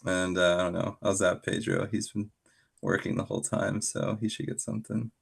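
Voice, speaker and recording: A man's voice: deep voice, level tone, gravelly, breathy edge. A man appearing as a guest on a stream chat, thinking aloud with many ums. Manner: slow, hesitant, with many ums. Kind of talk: casual group chat on a stream.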